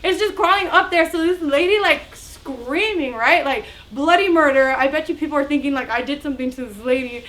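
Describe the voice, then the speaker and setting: A young woman telling a story in a casual vlog, chatty and animated, acting out the other people's voices. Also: sits high, a little fast, hardly any pauses. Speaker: vlogger.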